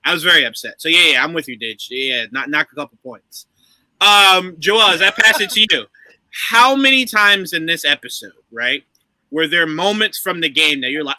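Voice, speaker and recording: Lively high-voiced laughing man. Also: moderate pace, dry recording, low-quality recording. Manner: animated, laughs often, acts out reactions. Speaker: podcast co-host. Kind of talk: casual chat.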